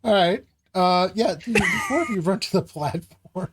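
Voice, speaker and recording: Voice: mid-range voice, animated, moderate pace, background noise. A game master narrating a live tabletop game, with rambling descriptions full of fillers.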